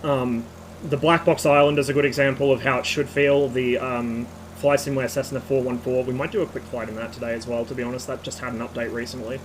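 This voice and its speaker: A slightly hoarse man streaming, giving a rambling technical rant with casual swearing. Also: medium pitch, flat delivery, brisk, slight background noise, low-quality recording.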